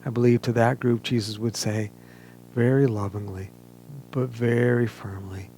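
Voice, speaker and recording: Male pastor, gravelly mid-pitched voice, earnest measured sermon delivery, faint hum behind. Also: expressive, darkish tone. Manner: earnest, measured preaching with emphatic pauses. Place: church, streamed online service.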